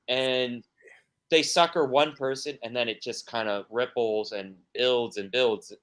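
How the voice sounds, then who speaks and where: Slow, rambling male musician guest. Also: medium pitch, fairly even intonation. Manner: rambling, many restarts and fillers. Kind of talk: casual podcast interview.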